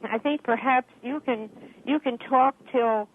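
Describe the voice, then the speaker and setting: A woman's voice: fairly high pitch, a little slow. A woman calling into a radio show, hesitant and repeating herself as she talks. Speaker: caller. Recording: tinny phone line.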